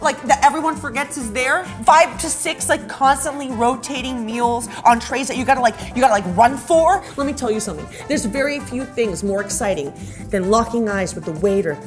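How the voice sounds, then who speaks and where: Young woman, comic bride, excitable and rapid-fire, code-switching into Spanish, music playing underneath. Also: on the high side. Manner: excitable and rapid-fire, veering into loud outbursts; drops Spanish phrases into English. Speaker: bride planning a wedding. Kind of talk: scripted comedy sketch.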